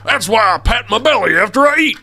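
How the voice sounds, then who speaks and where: A man's voice: high-pitched, animated, fairly quick, sharp tone, voice pushed up, full character voice. A man voicing a meek, grateful down-and-out drifter, reading the game's lines in a sheepish, apologetic way.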